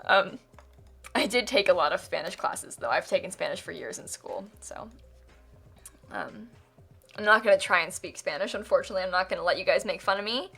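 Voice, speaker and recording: A woman's voice: mid-range voice, lively intonation, fairly quick, a bit bright, breathy edge. A young woman from Florida with a General American accent, chatting casually with viewers on a live stream, giggling often and filling with ums and likes. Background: faint music.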